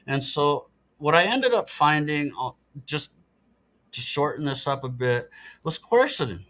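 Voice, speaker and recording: Very animated yet a little slow, this middle-aged podcast guest has a slightly high, somewhat bright voice. He gives casual interview talk, explaining matters in an earnest, matter-of-fact fashion.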